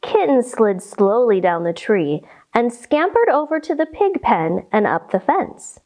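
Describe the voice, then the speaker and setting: A woman yoga instructor leading a children's yoga storytime, reading a picture book in a gentle, playful, instructive way. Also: high voice, very animated, a little slow, hardly any pauses.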